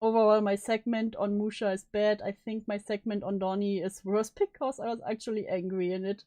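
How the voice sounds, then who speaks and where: A woman's voice: medium pitch, flat delivery, fairly quick, dark tone, no room sound, studio quality. A woman streamer reacting to a video with joking, sarcastic asides. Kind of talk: casual reaction commentary.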